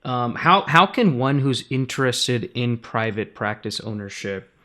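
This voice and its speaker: A man's voice: mid-range voice, expressive, unhurried, pushed and bright. A man hosting a podcast, chatting casually and asking questions with a few ums. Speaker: podcast host. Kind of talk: casual interview chat.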